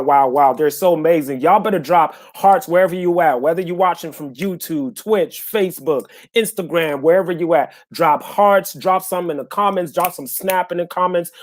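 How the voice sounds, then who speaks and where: Excited hype-man host emceeing a poetry show. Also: fairly high pitch. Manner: excited, crowd-pumping, repeats praise.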